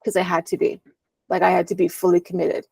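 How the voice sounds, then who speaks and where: A woman's voice: on the low side, completely flat delivery, fast, gravelly, darkish tone, breathy edge, dry recording. Candid woman telling her story. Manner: candid, rambling, frequent ums. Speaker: podcast guest. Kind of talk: personal storytelling in conversation. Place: at home.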